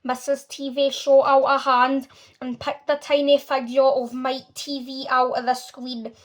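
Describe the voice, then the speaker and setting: High-voiced woman reading a storybook. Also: measured pace. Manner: expressive storytelling. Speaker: reader. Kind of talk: reading a children's novel aloud.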